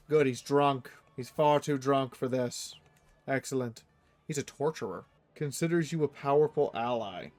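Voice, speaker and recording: A man streaming a strategy game, reading the event text aloud and reacting playfully, jumping into sudden high squeals. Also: moderate pace, darkish tone, no echo, soft background music. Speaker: let's play streamer.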